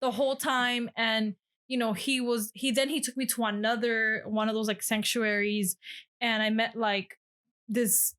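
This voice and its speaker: Animated woman telling a story. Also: fairly high pitch, unhurried, smooth. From Miami area. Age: late 20s. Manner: animated storytelling, emotional, many fillers and restarts. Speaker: guest lifestyle blogger. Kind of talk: casual chat.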